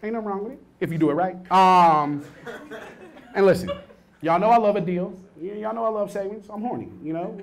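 Performing stand-up at a brisk clip, a man in his thirties alternates low, mumbled asides with loud outbursts.

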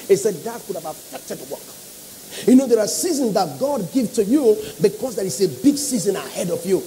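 A man's voice: high voice, expressive, brisk, mellow, slight background noise, rough recording. A man with a Nigerian English accent preaching a sermon, emphatic and repetitive, calling out to the congregation. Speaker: pastor.

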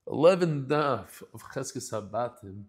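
A man's voice: mid-range voice, animated, a little slow. A man teaching a daily Talmud class, talking in a casual, heartfelt and emotional way with many restarts. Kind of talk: casual heartfelt lesson intro.

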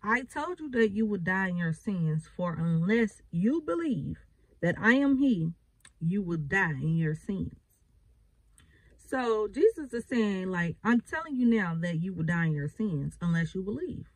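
A woman's voice: mid-range voice, very animated, a little slow, no echo, low-quality recording. A woman preacher, reading scripture and explaining it with emphatic repetition. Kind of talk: bible reading and sermon.

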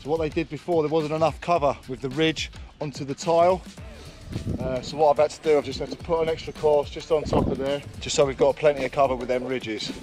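A man's voice: fairly high pitch, steady tone, quick pace, music in the background. Chatty roofer explaining his work. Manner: chatty, explains while working. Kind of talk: casual work vlog. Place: outdoors on a roof. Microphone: action camera.

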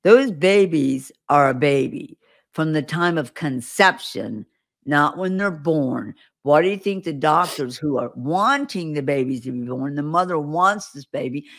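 A woman's voice: deep voice, vocal fry. A woman guest on an interview show, earnestly recounting visions and stories with vivid detail. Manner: earnest, vivid storytelling with acted quotes. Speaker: guest prophetic minister.

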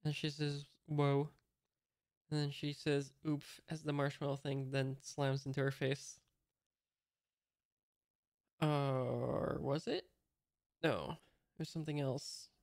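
Gravelly man, flat hesitant read-along. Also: on the high side, a little slow, long pauses, dry recording, clean studio sound. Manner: hesitant, describing panels as he goes. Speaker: host reading a manga aloud. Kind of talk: casual read-along commentary.

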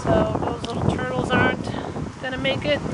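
A woman, narrating a casual nature vlog by a river and roadside, full of excited exclamations, recorded on a handheld camera. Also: high-pitched, normal speed. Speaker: nature vlogger. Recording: outdoor traffic noise behind.

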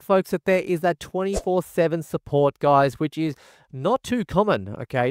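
A man's voice: fairly high pitch, no echo, clean studio sound. Upbeat man forever saying "guys". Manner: enthusiastic, says "guys" constantly. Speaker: tech reviewer. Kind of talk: screen-recorded product walkthrough.

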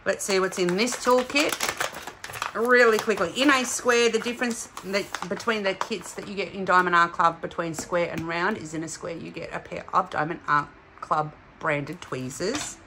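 A middle-aged woman from Australia chatting excitedly as she unboxes craft kits for her vlog. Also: on the low side, normal speed, background noise. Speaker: craft vlogger. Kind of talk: casual unboxing chat.

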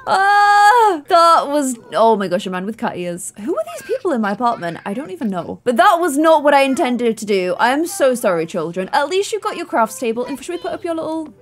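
A woman's voice: on the high side, sing-song, quick pace, hardly any pauses. A young woman commenting on her Sims game in a bubbly way, gasping and exclaiming often. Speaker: gaming YouTuber.

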